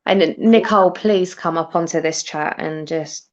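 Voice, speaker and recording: A woman in her thirties from Britain, hosting a live stream in casual chat, chatty and quick to laugh, often restarting her sentences. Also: low voice. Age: 30s. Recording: dull, lo-fi stream audio.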